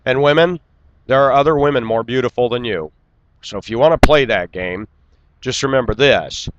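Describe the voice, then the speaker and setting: A man delivering an indignant, lecturing rant straight to camera and clearing his throat now and then. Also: medium pitch, moderate pace, dull audio, background noise. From United States. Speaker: vlogger. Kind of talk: ranting monologue.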